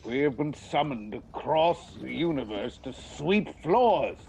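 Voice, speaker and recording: A man role-playing in a tabletop game with a wry, deadpan delivery. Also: on the high side, measured pace, gravelly, slight background noise. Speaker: player.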